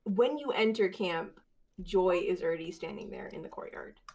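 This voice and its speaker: A woman running a tabletop game as game master, narrating in a quick, loose way. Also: lowish voice, animated, darkish tone.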